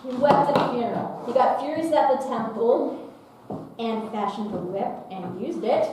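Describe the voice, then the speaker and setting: A high-voiced woman leads a youth workshop, joking and acting out the quotes she reads. She sounds distant from the mic, and her voice booms around a very echoey hall over a faint hiss. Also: normal speed, dark tone. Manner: playful, humorous, reads quotes with dramatic flair. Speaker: workshop speaker. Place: large echoing meeting room.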